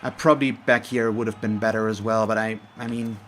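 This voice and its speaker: A man's voice: lowish voice, steady tone, a little fast, fairly bright tone, slight background noise. A man commentating his own game as host of a let's play, talking in a frustrated, openly salty way with frequent sighs. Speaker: gaming channel host.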